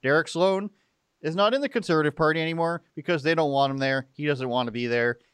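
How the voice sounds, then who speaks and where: A man's voice: fairly high pitch, fast talker, fairly bright tone, clean tone, no room sound. A young man hosting political commentary, sarcastic and mocking as he picks apart statements. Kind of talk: opinionated live commentary.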